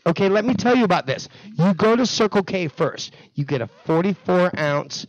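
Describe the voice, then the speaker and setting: A man co-hosting a casual comedy podcast, telling a story with animated, swearing delivery. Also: sits high, moderate pace, no room sound, muffled recording.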